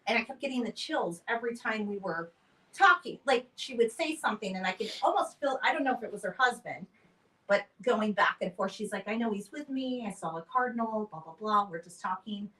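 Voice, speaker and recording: A chatty woman in her forties tells stories in a relaxed, casual way, acting out the voices of the people in them. She sits back from the mic, so her voice sounds a little distant in the room. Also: medium pitch, a little fast. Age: 40s. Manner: chatty storyteller, acts out quotes. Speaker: building owner. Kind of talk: casual chat.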